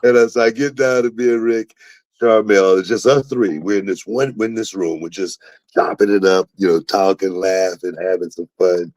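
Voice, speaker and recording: Deep-voiced animated storyteller man. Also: moderate pace, dry recording, poor audio. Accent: Southern US. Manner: animated storyteller, acts out quotes with jumps in pitch. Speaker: podcast host, former wrestler. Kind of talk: casual storytelling.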